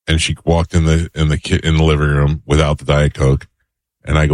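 A man's voice: very deep voice, little pitch movement, fast talker, no echo. A middle-aged man hosting a morning radio show, telling stories dryly and acting out the quotes, on a studio mic. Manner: dry storytelling, acts out quotes. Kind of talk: casual morning radio chat.

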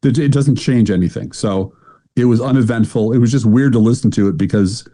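Middle-aged male co-host, sardonic storyteller, warm low timbre. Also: a little fast. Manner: wry, sardonic storytelling, does mocking voices. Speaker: podcast co-host. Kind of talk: casual chat.

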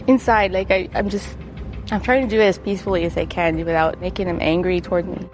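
Halting, tearful woman telling her story. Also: fairly low pitch, fairly even intonation, over music. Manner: halting, repeats words, tearful. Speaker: interviewee. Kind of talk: emotional personal testimony.

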